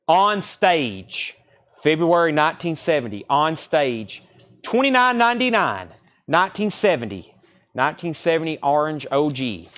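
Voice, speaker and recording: A man hosting a live record sale from a shop, calling out titles and prices in a brisk patter and repeating them. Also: a little high, a bit bright. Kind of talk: live-stream sales patter. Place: record store.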